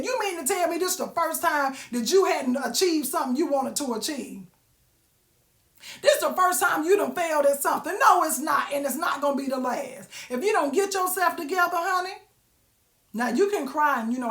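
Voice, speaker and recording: Sassy lady preaching motivation, high voice, echoey room, keeps saying baby and honey. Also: fairly bright tone. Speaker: motivational vlogger. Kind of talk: casual motivational talk.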